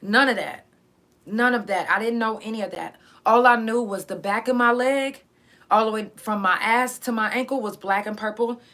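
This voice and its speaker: A woman with a bright, pushed, mid-range voice hosts her own podcast, telling a personal story in a casual monologue. She's blunt and profane, clearly in pain and near tears.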